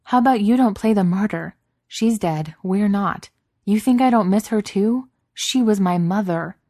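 A woman's voice: low voice, fairly even intonation, fairly quick, warm tone, dry recording, studio quality. Woman reading as a quippy, defensive genius heroine. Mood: angry. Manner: quippy and defensive, rising when upset. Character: sharp-tongued defensive genius woman, quick quips.

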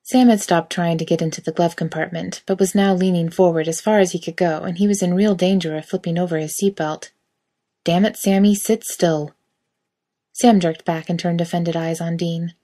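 A woman reading a story aloud in steady, quiet narration. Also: fairly low pitch, fairly quick, hardly any pauses. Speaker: reader.

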